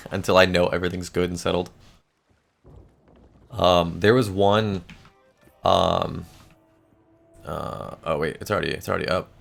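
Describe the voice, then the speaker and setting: A male streamer rambles while he plays. His low voice is gravelly and fry-laden, he swears offhandedly, and he has the hiccups. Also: a bit bright. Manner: rambling, swears casually, laughs it off. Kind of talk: casual chat while gaming.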